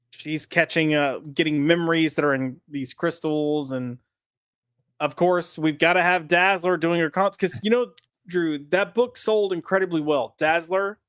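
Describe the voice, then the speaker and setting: Sarcastic male co-host on a comics podcast, somewhat high voice, dry close sound. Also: fairly bright tone, clean tone, no room sound. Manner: sarcastic, mocking reading. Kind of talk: casual chat.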